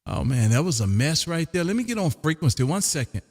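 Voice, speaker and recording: A man from Texas hosting a ham radio livestream from his home radio room, loud, drawling out his call sign in a sing-song way and chatting with callers. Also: a little high, big pitch swings, a little fast, big-room sound, noisy background. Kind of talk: ham radio calling and chat.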